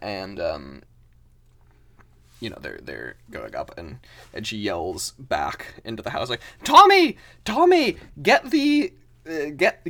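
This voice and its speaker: A man's voice: on the low side, creaky. A man narrating his character's actions in a tabletop game, with hesitant phrasing and many fillers and restarts. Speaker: player.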